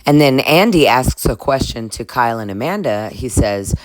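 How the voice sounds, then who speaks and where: A woman's voice: a bass voice, lively intonation, moderate pace, hardly any pauses, dry recording. A woman giving a casual, sassy reality-TV recap, laughing often and swearing freely. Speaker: recap vlogger.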